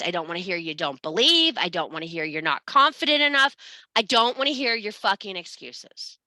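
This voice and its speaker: In a dry recording, a woman's bright, forceful voice at medium pitch leads a spiritual class. Her motivational talk is blunt and profane as she scolds her students and pushes them on.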